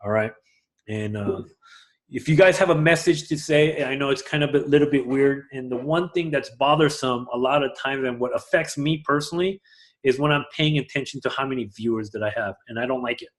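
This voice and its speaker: A man teaching a live class to a room of people, energetic and often checking that everyone is following. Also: fairly quick. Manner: energetic, swings loud and high when excited; asks the room for agreement. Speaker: class instructor.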